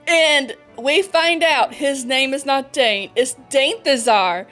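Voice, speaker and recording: A woman's voice: high-pitched, slow pace, music in the background. A young woman streamer hosting a podcast, retelling a book plot casually with swearing and acted-out dialogue. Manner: animated storyteller, swears casually, acts out dialogue. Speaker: podcast host, vtuber. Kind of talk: casual book recap chat.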